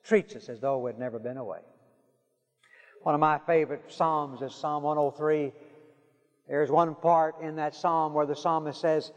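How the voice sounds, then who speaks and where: A man preaching a sermon, telling stories with dramatic pauses and dropping to a hush for emphasis. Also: a little high. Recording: dull sound with long hall reverb.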